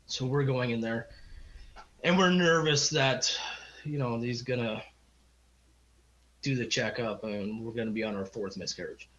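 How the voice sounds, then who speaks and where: Unhurried and pausing at length, the middle-aged Canadian podcast guest rambles warmly through a long personal story, acting out whoever he quotes. His voice is medium in pitch and a little bright, and the lo-fi recording sounds slightly dull.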